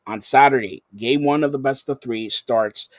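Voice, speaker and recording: A man's voice: medium pitch, moderate pace, no echo, studio quality. Chatty male sports talk host. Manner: chatty, rambling, announcer-like.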